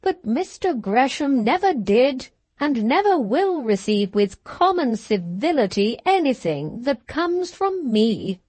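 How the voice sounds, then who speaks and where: A woman's voice: sits high, very animated, takes it slowly, hardly any pauses, a little mellow, no room sound, voice pushed up, heavily acted. A woman reading the part of a stern, haughty aristocratic countess in an audiobook, lecturing with a disapproving, imperious manner.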